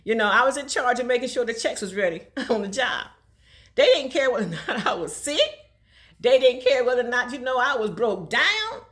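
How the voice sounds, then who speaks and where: A woman telling a personal story in a casual vlog, talking fast and laughing often. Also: a little high, expressive, a bit bright. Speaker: vlogger.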